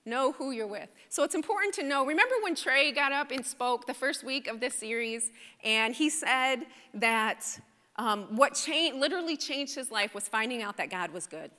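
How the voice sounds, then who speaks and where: Woman, sermon, lively preaching, high pitch, reverberant church hall. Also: moderate pace. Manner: animated, conversational, asks the congregation "right?". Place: church sanctuary. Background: congregation responding.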